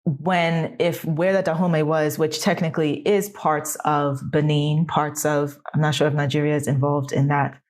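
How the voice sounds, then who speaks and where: A woman's voice: deep voice, level tone, moderate pace, hardly any pauses, a little mellow. A woman co-hosting a podcast, talking through a film in a thoughtful, questioning way. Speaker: podcast co-host. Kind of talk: casual conversational film discussion.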